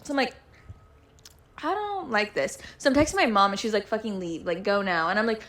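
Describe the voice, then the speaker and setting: A woman's voice: medium pitch, lively intonation, fairly quick, fairly bright tone. A young woman in casual chat, telling a profane story and acting out what others said. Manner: profane, acts out quoted lines.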